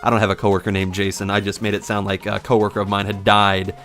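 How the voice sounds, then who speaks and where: A man's voice: fairly low pitch, monotone, quick pace, fairly bright tone. A man in his twenties, a game commentator telling a casual story in a sarcastic, profane way. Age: 20s.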